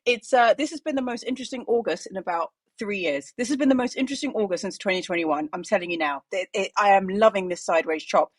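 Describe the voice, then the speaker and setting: A woman's voice: medium pitch, fast talker, few pauses, no echo. A woman co-hosting a podcast, chatting in a playful, upbeat way and reading a market news roundup. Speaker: co-host.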